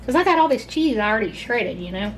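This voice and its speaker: A fast-talking Southern woman with a fairly high, expressive voice hosts a casual home cooking video, chatty and gushing as she explains the steps and saying "y'all" frequently. A little hiss or hum is present.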